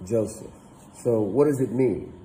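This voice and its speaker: A man teaching a lesson, slowly sounding out syllables and thinking aloud. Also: medium pitch, mellow, slight background noise, poor audio. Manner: slow and deliberate, sounding out syllables; thinking aloud, doubting himself. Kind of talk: explaining at a whiteboard.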